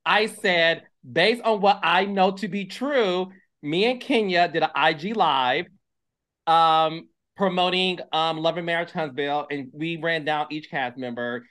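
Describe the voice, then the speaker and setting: A man's voice: fairly high pitch, a little slow, a bit bright. A man hosting a casual podcast interview, talking in an emphatic, insistent way. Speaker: podcast host.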